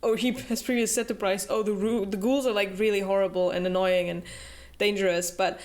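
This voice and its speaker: A woman's voice: mid-range voice, fairly even intonation, fairly quick, a little mellow. Young woman chatting through a book summary, lots of um and like, playful voices for the characters. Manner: chatty, filler-heavy, acts out character quotes with laughs. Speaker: book club host summarizing a novel. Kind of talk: casual chat.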